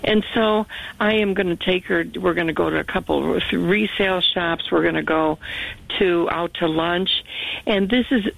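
A woman calling in to a faith radio program, talking earnestly and haltingly with frequent restarts. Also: fairly low pitch, creaky, low-quality recording. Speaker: radio call-in listener. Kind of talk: grateful call to a faith radio show.

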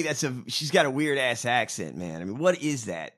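A man's voice: mid-range voice, big pitch swings, normal speed, hardly any pauses, fairly bright tone. A man hosting a podcast, ranting with profanity and disbelief as he reacts to clips. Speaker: podcast host. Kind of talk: casual commentary on clips.

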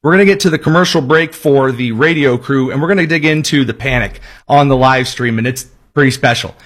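A man's voice: medium pitch, a little fast, fairly bright tone. A man hosting a radio and livestream talk show, delivering a sarcastic, mocking commentary monologue with emphatic repetition.

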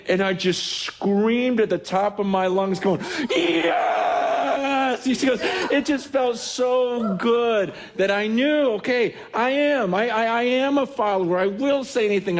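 A male pastor with a somewhat high voice preaches in a loose, conversational way. He stumbles over restarts and acts out the people in his stories as he goes. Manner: conversational, animated, with many restarts and acted-out quotes. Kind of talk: sermon.

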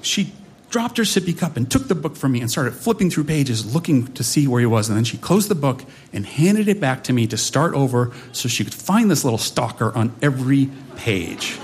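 Lively wry man telling a stage story. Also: mid-range voice, moderate pace, slight background noise. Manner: wry, animated, mock-dramatic asides. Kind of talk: live comic storytelling to an audience.

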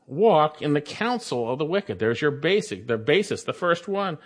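A man's voice: a little high, very animated, normal speed, hardly any pauses. A man preaching a sermon, reading scripture aloud and explaining it with emphatic repetition. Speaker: pastor.

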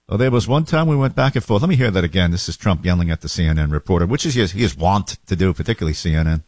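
Sarcastic radio host, lively low voice. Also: male voice, quick pace, no echo. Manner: sarcastic, jokey, mimics voices. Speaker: radio talk show host. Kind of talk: morning talk radio.

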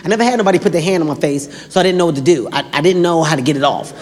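A man telling a wild story as a stand-up comedian on a live stage, loud and animated, acting out every quote. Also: on the high side, racing. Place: live comedy stage before a large audience. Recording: reverberant large venue with crowd.

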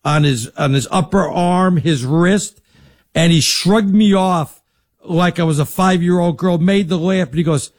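A middle-aged man co-hosting sports talk, telling stories in a loud, lively, boisterous way. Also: sits high, unhurried. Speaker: sports radio co-host. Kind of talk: casual sports talk banter.

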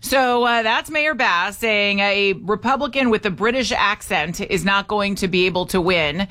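A woman hosts a morning talk radio show with a bright, forceful tone. She is chatty and opinionated, commenting on the news and giving out the call-in number again and again. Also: medium pitch, moderate pace.

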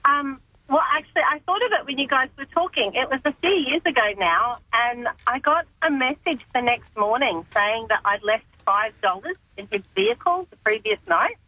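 A woman's voice: high voice, animated, moderate pace, bright, forceful tone, dry recording, poor audio. A middle-aged woman calling in to a radio show, telling a story in a wry, matter-of-fact way over the phone. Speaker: caller. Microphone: phone call.

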